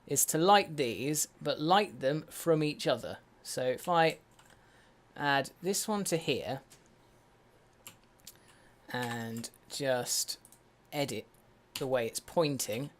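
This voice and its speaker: A man's voice: medium pitch, animated, slow. A man giving casual game commentary as a let's play host, muttering to himself with wry, sweary asides. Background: faint in-game music.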